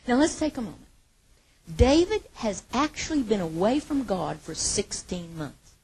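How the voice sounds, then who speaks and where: A woman preaching a sermon with passion, her voice moving between hushed and loud. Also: mid-range voice, big pitch swings, a little slow, gravelly, a little hiss or hum, low-quality recording.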